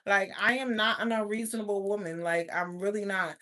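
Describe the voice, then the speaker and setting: A woman's voice: medium pitch, a little fast, sharp tone. A woman vlogger, ranting bluntly to her viewers with lots of cursing and scolding. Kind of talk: casual rant to camera.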